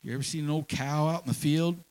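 A man preaching a sermon in a church, folksy and animated, with homespun examples and repeated phrases. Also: on the high side, fast, clean tone, low-quality recording. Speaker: pastor.

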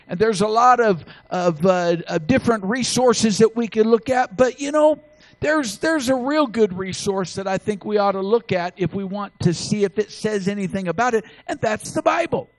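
A man's voice: high-pitched, no room sound, poor audio. A man preaching a sermon, telling folksy stories with frequent restarts. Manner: folksy storytelling with many restarts.

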